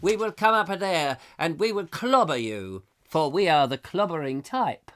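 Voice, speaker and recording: A man's voice: on the high side, lively intonation, a little slow, fairly bright tone, pitched above the performer's own voice. A man voicing a boastful, blustering Roman invader, raising his voice and threatening.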